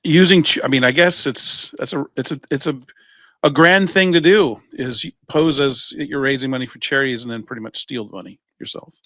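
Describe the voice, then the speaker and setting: A man's voice: medium pitch, brisk, pushed and bright, dry recording. A man co-hosting a podcast, telling stories in a rambling, playful way and restarting his sentences often. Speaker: podcast co-host. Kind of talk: casual chat.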